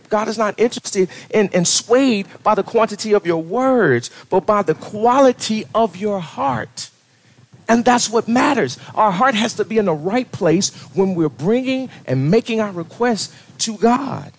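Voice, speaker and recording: Pastor guy preaching, kinda high voice, keeps saying "right?" and starting over. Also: expressive, unhurried. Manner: conversational preaching, frequent "right?" asides and restarts. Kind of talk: sermon.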